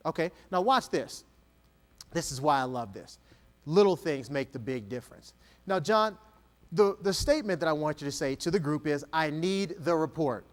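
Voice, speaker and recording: Keynote speaker, male, lively stage talk with a volunteer, a bit higher voice. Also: normal speed. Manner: energetic, coaxing a volunteer. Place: stage before an audience.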